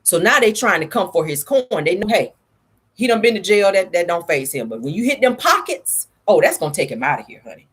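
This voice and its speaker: A woman's voice: on the low side, sing-song, fairly quick, fairly bright tone, slightly rough. A woman vlogger giving casual gossip commentary in a sassy, chatty way, calling her viewers honey.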